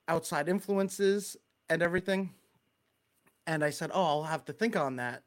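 Rambling Long Island man, fairly high voice. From Long Island, New York. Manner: rambling, many fillers and restarts. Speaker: speaker at a church group meeting. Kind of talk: casual talk to a group.

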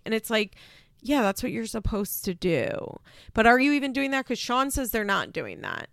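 A woman's voice: on the high side, sing-song, normal speed, creaky, fairly bright tone, dry recording, studio quality. A young adult woman hosting a podcast, chatting casually and sarcastically through a reality-TV recap with lots of rhetorical questions. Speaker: podcast host.

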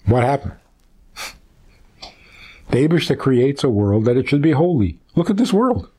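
A man, a rabbi, retelling a scripture story as a teaching, conversational and animated, asking rhetorical questions. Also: mid-range voice, normal speed, slightly rough.

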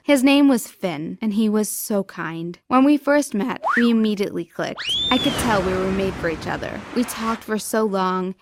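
A woman's voice: medium pitch, a little hiss or hum. A young woman narrating her own story in the first person, emotive, rising and dropping her delivery. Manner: emotive, swings between raised and hushed delivery.

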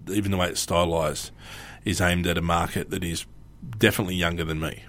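A man's voice: low-pitched, fairly even intonation, fairly quick, fairly bright tone. An Australian man in his forties hosting a podcast, chatting casually and rambling, acting out quoted phrases. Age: 40s. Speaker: podcast host. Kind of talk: casual chat.

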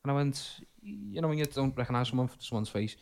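Man, podcast co-host, casual banter, laughs a lot, mid-pitched voice. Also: sing-song, quick pace, gravelly, darkish tone. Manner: laughs often, tells drunken pub stories.

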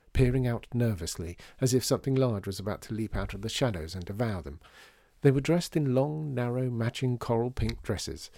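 A man narrating a storybook in a lively, expressive reading voice. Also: lowish voice, dry recording, clean studio sound.

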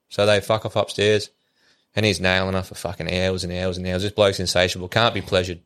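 A man's voice: fairly low pitch, level tone, fast, a bit bright, clean tone. An Australian man telling crude jokes and stories on a podcast, swearing constantly in broad slang. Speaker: podcast guest. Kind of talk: casual joke telling and banter.

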